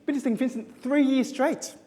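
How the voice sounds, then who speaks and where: A man's voice: extremely high pitch, fairly even intonation, moderate pace, mellow. A man giving a humorous stage speech at a contest, punchy and self-mocking with tight comic timing. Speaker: contest speaker. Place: stage in a conference hall. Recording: echoey hall.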